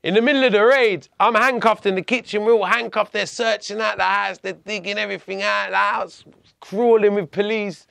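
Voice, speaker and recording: A man tells a story from his own life as a podcast guest. His voice has a gravelly, fried edge and a bright, forceful tone. The sound is close and dry. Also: high-pitched, a little fast, no echo. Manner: animated, blunt storytelling with frequent restarts. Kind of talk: telling a personal story in conversation.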